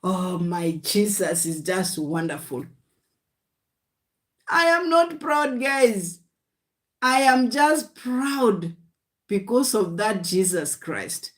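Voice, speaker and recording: Slow, emphatic woman preaching on a livestream. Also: medium pitch. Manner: emphatic, repetitive exhortation, often calling listeners "guys"; speaks in short declarations of faith. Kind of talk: livestream sermon.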